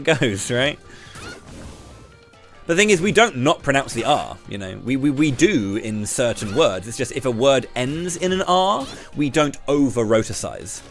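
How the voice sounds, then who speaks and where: A British man with a slight lisp, streaming live and ranting to his chat while throwing quick questions at viewers. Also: medium pitch, a bit bright. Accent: British English. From Britain. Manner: ranty, talks straight to chat with quick questions.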